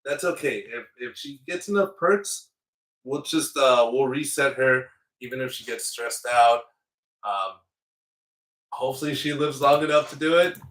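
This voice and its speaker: A man's voice: medium pitch, measured pace, fairly bright tone, recorded from a distance. A man hosting a strategy game playthrough in casual commentary, slipping into playful mock outrage as his ruler. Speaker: let's play host. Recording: roomy echo, away from the mic.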